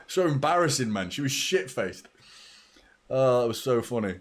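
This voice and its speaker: A man's voice: mid-range voice, expressive, moderate pace, pauses often. A man hosting a live football watchalong, mixing blunt, sweary fan chatter with play-by-play. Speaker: fan channel host. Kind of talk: live match watchalong commentary.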